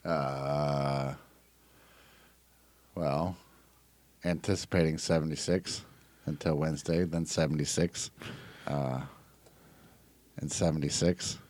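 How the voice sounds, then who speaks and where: A slow, unhurried man tells a gaming story to his friends, chuckling as he goes and swearing casually. The sound is dry and close, with no room around it. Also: extremely low pitch, steady tone, a little mellow, no room sound. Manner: laughing storyteller, swears a lot. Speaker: podcast co-host.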